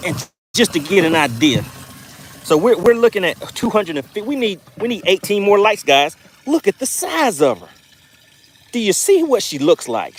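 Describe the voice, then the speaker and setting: A man hosting a live fishing stream from a boat on a lake, excitable and playful as he reads the chat aloud. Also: high-pitched, moderate pace. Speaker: fishing channel host.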